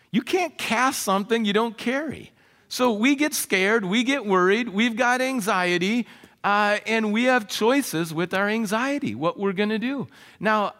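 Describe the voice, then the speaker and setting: A man's voice: high-pitched, fairly bright tone, big-room sound. A middle-aged male pastor preaching a sermon in an earnest, conversational way, with fillers along the way. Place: church sanctuary.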